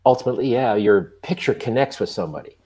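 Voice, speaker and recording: A man with a lowish voice, a photographer guest on a podcast. He tells his stories with animated self-quotes and blunt swearing, pausing to restart his thoughts as he goes. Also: slightly rough. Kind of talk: podcast interview storytelling.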